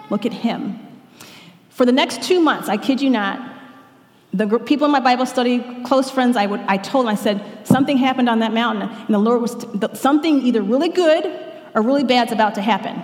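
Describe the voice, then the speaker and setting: A woman's voice: fairly high pitch, a little fast. A woman sharing an earnest church testimony, breaking off and restarting now and then, with prayers quoted along the way. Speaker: speaker giving a testimony. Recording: echoey hall, long reverb.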